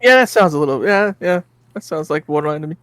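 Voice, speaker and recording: A man's voice: a little high, animated, fast talker, fairly bright tone, dry recording. A man co-hosting a game stream, chatting casually and reading viewer comments aloud.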